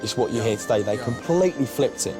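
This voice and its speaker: A man's voice: medium pitch, fast talker. A man from a pop band telling stories animatedly, acting out what people said. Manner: animated storytelling, acts out quotes. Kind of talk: interview. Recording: music under interview.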